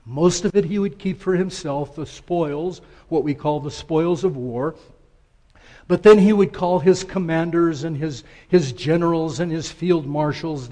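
A man preaches in a sanctuary with a long, ringing reverb trailing his words. His voice sits somewhat high for a man, yet sounds warm and mellow. He swings between loud emphasis and soft, quiet asides. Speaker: pastor. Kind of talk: sermon.

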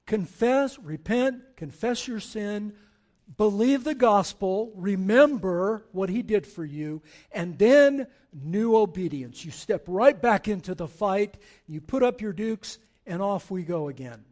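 High-voiced man preaching with animation. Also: slow. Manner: animated preaching, reading scripture aloud, rising to forceful exhortation. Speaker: pastor. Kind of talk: sermon.

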